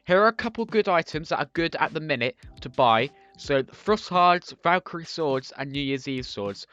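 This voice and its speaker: A man's voice: fairly high pitch, lively intonation, normal speed, fairly bright tone, dry recording. A young man giving Minecraft money-making tips in a playful, self-mocking chatty video, often turning aside to tease his viewers. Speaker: Minecraft YouTuber. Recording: dull, lo-fi and dry.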